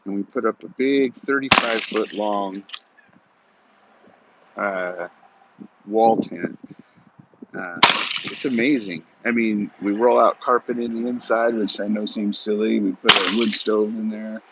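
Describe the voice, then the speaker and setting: A man in his forties telling a story in a rambling, folksy way, outdoors at shooting practice, on muffled audio with loud gunfire. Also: fairly low pitch, fairly even intonation, unhurried, pauses often, very noisy. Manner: rambling folksy, many "you know" and "he goes". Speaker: vlogger. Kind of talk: casual storytelling monologue.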